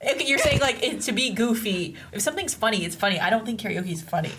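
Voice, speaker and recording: A woman's voice: on the high side, animated, fast, noisy background. A woman co-hosting a casual reaction podcast, giving firm, practical opinions in a matter-of-fact way. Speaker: podcast co-host.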